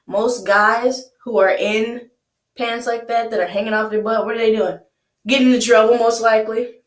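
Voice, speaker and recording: A woman's voice: fairly high pitch, steady tone, moderate pace, echoey room. A young woman hosting a reaction video, chatting casually, laughing often and asking rhetorical questions.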